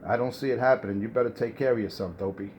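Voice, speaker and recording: A man's voice: lowish voice, fairly even intonation, quick pace, a little mellow, slight background noise. A man on a CB radio mocking and lecturing another operator, repeating "man" as he talks. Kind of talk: trash-talking radio banter.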